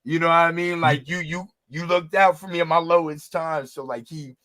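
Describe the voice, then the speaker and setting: A man's voice: on the high side, steady tone, moderate pace, a bit bright, no room sound. A man hosting a casual interview, joking around, laughing often and talking loosely with lots of fillers. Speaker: interview host. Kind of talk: casual chat.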